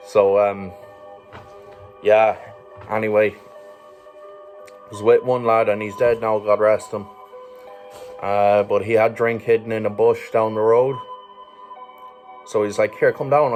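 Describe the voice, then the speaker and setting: A man with an Irish accent tells a story in a low, level voice that barely rises or falls. His delivery is loose and rambling, full of fillers and swearing. Faint music plays softly behind him. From Ireland. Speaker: vlogger. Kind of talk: casual storytelling monologue.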